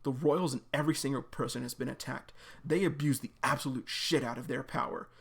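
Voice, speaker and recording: A man's voice: mid-range voice, fairly even intonation, a little fast, vocal fry, slightly rough. A man voicing a bitter, angry young man in a webcomic read-aloud, scornful and cursing. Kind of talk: reading a webcomic aloud with voices.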